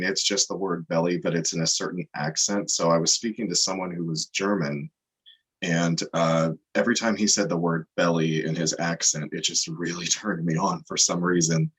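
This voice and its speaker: A man co-hosting a podcast in relaxed, dryly amused casual chat. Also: low voice, breathy edge, rough recording. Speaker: podcast co-host.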